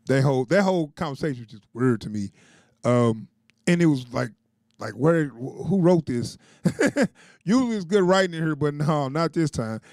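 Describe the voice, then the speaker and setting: A man's voice: fairly high pitch, lively intonation, normal speed, darkish tone, no echo, clean studio sound. Chatty man recapping a TV episode. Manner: loose and chatty, with frequent chuckles and filler words. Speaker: TV show reviewer.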